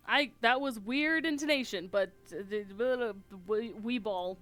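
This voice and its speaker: A woman's voice: on the high side, measured pace, few pauses, fairly bright tone, soft background music. A woman streamer giving playful, self-mocking commentary while playing a game live.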